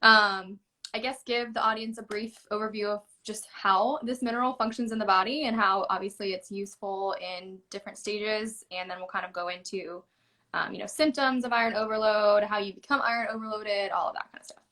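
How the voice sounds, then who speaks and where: Bright-voiced woman podcast host. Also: mid-range voice, fairly even intonation, a little fast. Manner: affirming, leads with casual questions. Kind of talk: conversational podcast interview.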